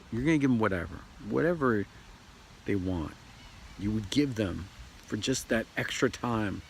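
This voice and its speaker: A man giving a rambling, casual spiritual talk outdoors, repeating himself and slipping into quick voices for other people. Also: on the low side, expressive, vocal fry. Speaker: spiritual video host. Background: outdoor ambience, traffic and birds.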